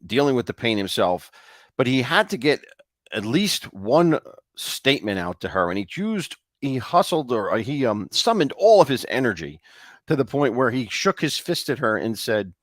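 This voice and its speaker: A man co-hosting a show, casually retelling a ghost story in a loose, halting way. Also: mid-range voice, very animated, dry recording, clean studio sound. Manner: loose, with fillers and restarts. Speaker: co-host.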